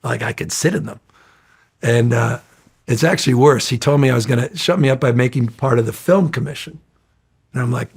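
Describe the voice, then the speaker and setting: A middle-aged man telling stories in a casual interview, energetic, rambling and profane. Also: mid-range voice, fairly quick, gravelly, husky. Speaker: interview guest.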